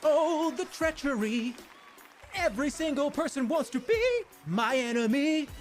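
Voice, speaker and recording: A shrill, squeaky and theatrical character who sees enemies everywhere, put on by a man. The voice sits very high. Faint music and a murmuring crowd sit under it. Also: unhurried. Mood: melodramatic.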